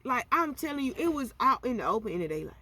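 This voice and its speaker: A woman telling a story in a casual storytime vlog, animated and slangy. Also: on the high side, fast talker. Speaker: vlogger.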